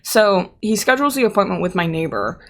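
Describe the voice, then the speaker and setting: A woman's voice: medium pitch, big pitch swings, brisk. A woman hosting a podcast, telling a story in casual chat, exasperated and swearing freely, and acting out the people in it. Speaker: podcast host.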